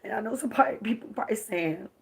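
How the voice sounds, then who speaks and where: A woman's voice: medium pitch, animated, very fast, gravelly, slightly rough. A young woman with a Baltimore accent, speaking to her viewers on a live stream in a grieving, confiding way. Her voice often drops to a whisper, and she is recorded close on a phone.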